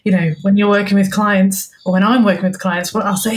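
A woman's voice: mid-range voice, fairly even intonation, quick pace, few pauses. A woman hosting a podcast who chats and asks questions, stumbling over words now and then. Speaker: podcast host. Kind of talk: casual interview chat.

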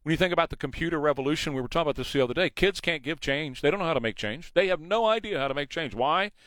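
A man's voice: on the high side, fairly bright tone, no echo. A man hosting a morning news talk show, talking emphatically and asking rhetorical questions into a studio mic. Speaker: radio talk show host.

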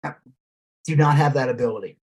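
A man's voice: mid-range voice, fairly quick. Rambling, swearing male podcast co-host. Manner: rambling, animated, swears freely and mimics posh voices. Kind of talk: casual chat.

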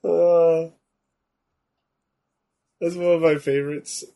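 A man's voice: fairly high pitch, level tone, slow pace, creaky, dark tone. A man co-hosting a casual chat while watching wrestling, laid-back and asking short questions. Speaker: podcast co-host.

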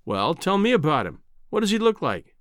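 An earnest, impulsive young man pleads and bargains in a raised, animated voice, played by the male narrator. The reading sounds close and dry, a storybook scene. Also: a little high, moderate pace, no echo. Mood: eager.

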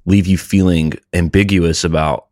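A man's voice: low-pitched, steady tone, moderate pace, a little mellow, no room sound, studio quality. A man in casual chat, laid-back and sarcastic about movies.

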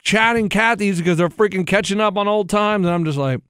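A man's voice: high-pitched, steady tone, brisk, a bit bright, clean tone, no echo, raised voice, studio quality. Rambling man telling a story on a talk podcast. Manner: rambling storyteller, acts out others' lines. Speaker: radio show co-host. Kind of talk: casual chat.

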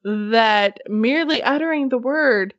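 A woman's voice: a little high, a little slow, highs cut off. Giggly, chatty woman podcast host. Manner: chatty and giggly, swears casually. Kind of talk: casual chat.

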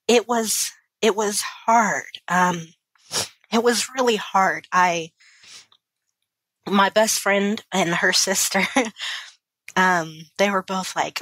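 A woman in her thirties, a kindergarten teacher, opens up as an interview guest. She talks candidly and emotionally, with frequent fillers and restarts. Her voice sits in a middle pitch and sounds dry, with no room echo. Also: bright, forceful tone. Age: 30s. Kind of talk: personal storytelling in conversation.

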